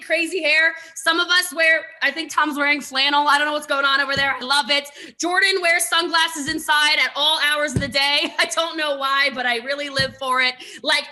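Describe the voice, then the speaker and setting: A woman with a high, bright voice talks fast and with emphasis, pushing her point hard on a video call. She often breaks into laughing asides as she speaks to her listeners in a network marketing talk. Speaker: network marketing top recruiter.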